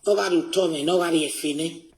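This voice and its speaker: High-voiced man in a played clip. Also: steady tone, quick pace, a little hiss or hum. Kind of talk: recorded clip played for reaction.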